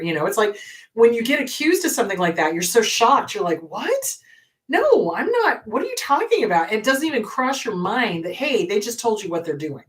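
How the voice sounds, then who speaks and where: A woman's voice: fairly low pitch, recorded from a distance. A woman therapist hosting an advice show, answering viewer questions in a blunt, emphatic way and repeating her key advice.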